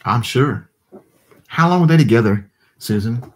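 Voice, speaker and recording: A man's voice: medium pitch, animated, moderate pace. A man, chatting casually with his livestream viewers and reading their comments, tired and yawning. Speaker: livestream host. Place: home desk with computers.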